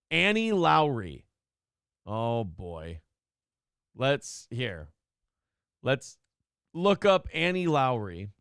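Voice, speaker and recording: A man co-hosting a talk show, ranting in a sarcastic, animated way. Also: medium pitch, extremely slow, vocal fry, pauses often, clear, resonant tone, no room sound, clean studio sound. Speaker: co-host. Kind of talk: casual chat.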